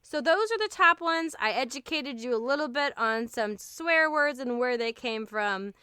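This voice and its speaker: Bright-voiced joking woman podcast host. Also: sits high, expressive, moderate pace, clean tone, no echo, studio quality. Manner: playful, jokey, laughs often, swears freely. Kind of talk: casual comedic podcast chat.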